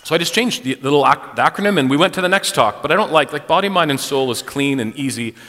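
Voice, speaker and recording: A man's voice: fairly high pitch, lively intonation, quick pace, sharp tone. A man giving a sermon to a congregation, telling personal stories in a conversational, self-deprecating way. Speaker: speaker addressing a congregation. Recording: long hall reverb.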